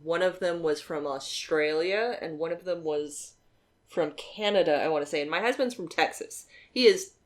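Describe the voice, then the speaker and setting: A woman's voice: sits low, normal speed. A married woman co-hosting a podcast, telling rambling anecdotes with many "um"s and side remarks. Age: adult, married. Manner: rambling storyteller, lots of "um" and asides. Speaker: podcast co-host. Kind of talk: casual chat.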